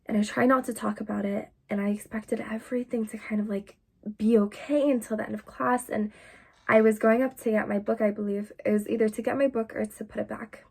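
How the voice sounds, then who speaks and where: A woman's voice: fairly high pitch, fairly even intonation, a little fast, creaky, darkish tone, husky. A young woman vlogger telling a personal story in a candid, confessional way, full of casual fillers.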